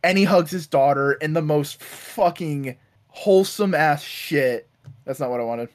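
A man casually recapping comic storylines, acting out characters in quick bits and swearing freely. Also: a little high. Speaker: podcast co-host recapping comics. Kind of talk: casual chat.

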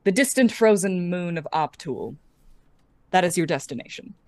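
A cool pirate queen, put on by a woman, who takes her time with every word and talks soft and sly. The voice sits very low and sounds dry and close, with no room around it. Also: animated, moderate pace, no room sound, natural voice. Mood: cool, commanding. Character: calm commanding female pirate queen.

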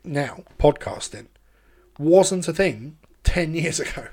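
A man hosts a casual podcast chat in a slightly high voice. He tells his stories with animated energy and plenty of swearing. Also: takes it slowly, breathy edge. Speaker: podcast host.

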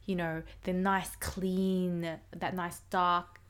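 A woman's voice: fairly low pitch, flat delivery, takes it slowly, clean tone. Young Australian woman, podcast co-host, chatty and opinionated. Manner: chatty, opinionated, heavy use of filler "like". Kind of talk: casual film-review chat.

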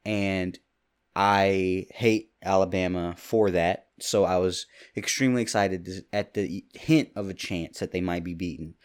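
A man in his twenties from Kentucky, talking alone into a mic in a rambling, jokey way with quick asides. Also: low-pitched, smooth. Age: 20s. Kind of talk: casual solo monologue. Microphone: studio mic with pop filter.

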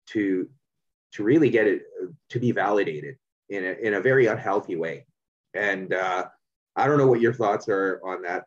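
A man from Canada hosting a podcast, speaking in a thoughtful, halting way with many restarts. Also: low-pitched, highs cut off. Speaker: podcast host. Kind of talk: reflective conversational interview.

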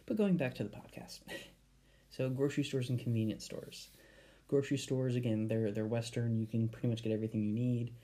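A man's voice: mid-range voice, brisk, dark tone. A man hosting his own podcast, rambling casually and laughing at himself as he drifts off topic. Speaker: podcast host. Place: home in Japan.

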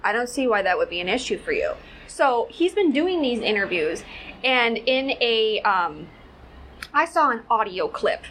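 A woman's voice: a little high, sing-song, unhurried, fairly bright tone, slight background noise, poor audio. A woman hosting a casual commentary show, rambling and sarcastic, full of "like" fillers. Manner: rambling, sarcastic, heavy use of "like".

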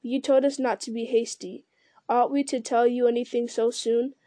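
A polite, earnest young male hobbit from a storybook, asking his questions carefully, as a woman reads him. The voice is fairly high and mellow, recorded dry. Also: little pitch movement, moderate pace, dry recording, lightly acted.

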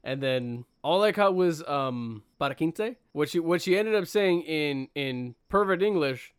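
Young male podcast host, relaxed and self-deprecating, clean tone, dry close mic. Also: fairly high pitch, unhurried, clear, resonant tone, no room sound. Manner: laid-back, self-mocking, lots of fillers. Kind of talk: casual podcast chat.

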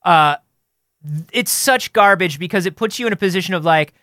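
A man's voice: high-pitched, normal speed, a bit bright, no room sound. Male podcast co-host, blunt, swearing, riffing, dry close mic. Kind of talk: casual chat.

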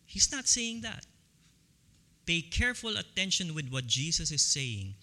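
A man preaching a sermon as pastor, slow and emphatic, repeating key phrases for stress. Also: on the high side, very animated, sharp tone, big-room sound.

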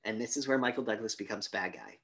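A man's voice: fairly low pitch, fast talker, low-quality recording. A man co-hosting a podcast, casually retelling a film's plot and acting out its lines. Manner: animated retelling, acts out quotes. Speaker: podcast co-host. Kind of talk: casual movie review chat.

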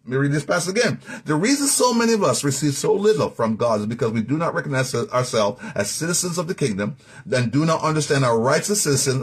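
A man teaching Scripture in a fairly high, husky voice. He talks emphatically, repeats his key phrases and keeps asking the listener questions. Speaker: Bible teacher. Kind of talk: teaching sermon.

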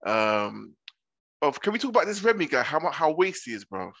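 A man's voice: a little high, very animated, a little fast, vocal fry, a bit bright, dry recording, muffled recording. A young man retelling reality-show drama in casual slangy chat, voicing the people he quotes.

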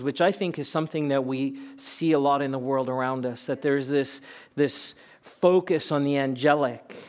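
A male pastor preaching a sermon in an emphatic, conversational way, asking rhetorical questions. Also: on the high side.

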